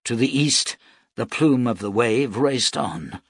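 A man narrating an audiobook in a measured, dramatic storytelling manner. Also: medium pitch, animated, slightly rough, no echo.

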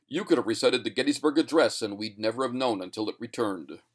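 A man's voice: medium pitch, lively intonation, quick pace, natural voice. A man voicing a stern, irritable male scientist who speaks in a curt, lecturing way.

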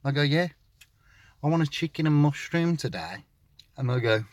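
Swearing Brummie lad rambling about pies. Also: male voice, a little high, lively intonation, normal speed, sharp tone. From West Midlands, England. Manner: crude, swearing constantly, acts out shop chats. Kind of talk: rambling comic monologue.

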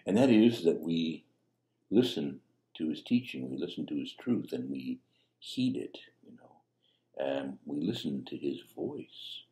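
A man's voice: rumbling low, very animated, a little slow, dark tone. A man preaching a sermon as a priest, talking conversationally with fillers and restarts. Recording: echoey room.

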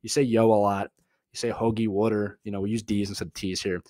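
A man from Philadelphia with a Philly accent, hosting a live hockey chat and answering viewer questions in a chatty, animated way. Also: lowish voice, fast talker, dry recording, clean studio sound. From Philadelphia, USA. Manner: animated, chatty, full of filler words and asides.

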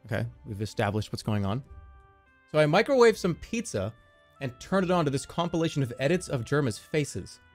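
A man streaming live, chatting casually and reading viewer stories aloud in an excitable, jokey way. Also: medium pitch, fairly quick. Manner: excitable, jokey, prone to laughing fits. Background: faint music.

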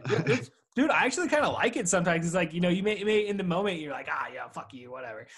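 A man's voice: sits high, expressive, racing, a bit bright, breathy edge. A man chatting casually on a podcast, swearing and saying "dude" constantly. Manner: profane, says "dude" a lot. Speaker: podcast co-host. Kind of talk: casual chat.

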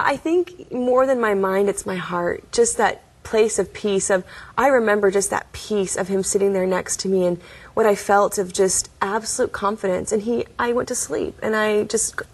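A young woman speaks as an interview guest, recounting her story earnestly and slipping into the voices of the people she quotes. Her voice has a soft, breathy, slightly husky grain at an ordinary middle pitch. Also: steady tone, moderate pace. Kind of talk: interview testimony.

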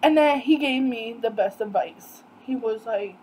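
Slow-talking, animated young woman vlogger. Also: a little high, a little hiss or hum, rough recording. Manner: animated, incredulous, quotes others in dialogue. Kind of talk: storytime vlog, casual retelling.

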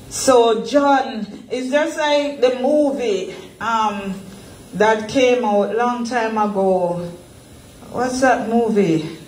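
A woman's voice: a little high, very slow, a little mellow, a little hiss or hum. A woman pastor leading a Bible study sermon, earnest and emotional, laughing often as she talks. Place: church worship center. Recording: echoey church room.

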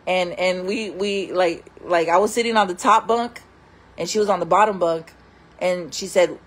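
A woman's voice: lowish voice, fairly even intonation, normal speed, breathy edge. A woman telling her own stories to camera in casual, candid talk, often calling her viewers friends. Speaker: storyteller host.

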